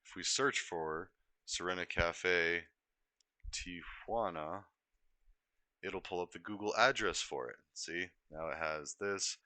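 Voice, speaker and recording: A man's voice: deep voice, takes it slowly, bright, forceful tone, no room sound. A young man from Colorado chatting casually on a live stream, rambling and easily sidetracked as he corrects himself. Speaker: livestreamer.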